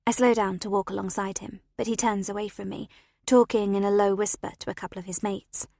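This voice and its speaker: Gravelly woman narrating a story. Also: mid-range voice, no echo, studio quality. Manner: expressive, animated storytelling. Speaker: audiobook narrator. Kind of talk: first-person scripted narration.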